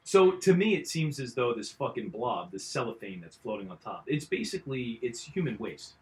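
A man's voice: mid-range voice, very animated, moderate pace. A man casually commenting on a horror movie with a co-host, crude and profane with a joking edge.

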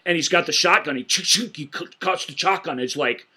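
Bright-voiced enthusiastic man talking films. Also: on the high side, a little fast, breathy edge. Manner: enthusiastic, animated retelling with frequent stammered restarts. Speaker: podcast co-host. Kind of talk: casual film-discussion podcast chat.

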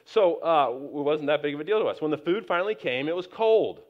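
A man's voice: fairly high pitch, expressive, fairly quick. A middle-aged man preaching a sermon as the pastor, telling stories in a conversational way that builds to emphatic points. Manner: conversational, anecdotal preaching with many restarts and rising emphasis. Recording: slightly dull, lo-fi sound.

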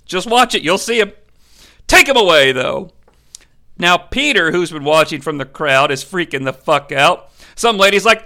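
Give me a man recapping a film with crude jokes, raspy and bright. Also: high-pitched, animated, moderate pace. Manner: irreverent, crude, joking. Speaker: movie reviewer. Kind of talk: comedic movie recap.

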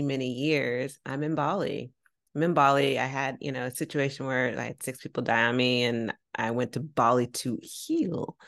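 A woman with a bass voice co-hosts a podcast, telling a personal story in a casual, animated way. She acts out quoted dialogue and uses slang.

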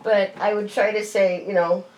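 A woman telling stories in casual chat, animated and quick to swear and laugh. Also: medium pitch, distant mic. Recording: roomy, off-mic, faint hiss.

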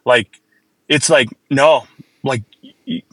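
A man's voice: mid-range voice, takes it slowly, a bit bright, no room sound. Earnest, emphatic man, dry close sound. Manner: earnest and emphatic, repeats words when pushing a point. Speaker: chef and podcast guest. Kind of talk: casual interview conversation.

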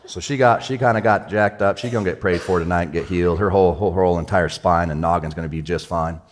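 Excitable pastor, a man preaching casually. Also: low voice, quick pace. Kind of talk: sermon.

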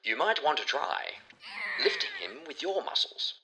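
A man reading a children's picture book aloud in an expressive, playful storytelling manner. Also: a little high, normal speed, a little hiss or hum. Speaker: storybook reader.

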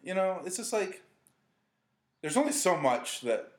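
A young man chatting as a guest on a podcast, teasing his friend and stumbling through quick restarts. His voice carries a noticeable roomy echo. The talk is relaxed and unscripted. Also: sits high. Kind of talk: casual chat.

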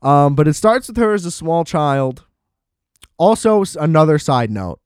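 A man's voice: fairly high pitch, big pitch swings, moderate pace, a little mellow, clean tone, dry recording, studio quality. A young man giving a casual, sarcastic movie recap, swearing and laughing often.

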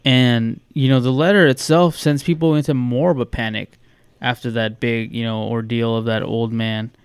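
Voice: medium pitch, fairly even intonation, moderate pace, smooth, no room sound. A podcast co-host chatting casually about a true-crime case.

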